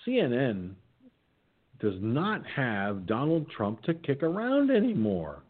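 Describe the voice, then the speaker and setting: His mid-range voice swings hugely in pitch as he takes things slowly, reading news stories aloud on his internet radio show. The male host casually mocks them with sarcastic, foul-mouthed commentary, yawning and stumbling, all heard through a tinny phone-line sound.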